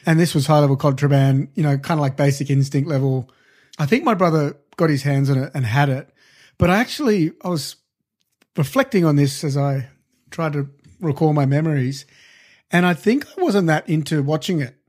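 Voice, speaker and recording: A man's voice: fairly high pitch, fairly quick, darkish tone. A man co-hosting a casual film-review chat, trading dry quips and reflective memories. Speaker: podcast co-host.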